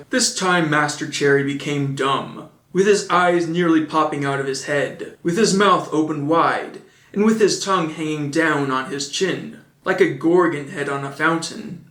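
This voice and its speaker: Man, storybook narrator, dry asides, fairly high voice, roomy echo. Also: unhurried, few pauses, a bit bright. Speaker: audiobook narrator. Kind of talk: casual storybook reading with asides.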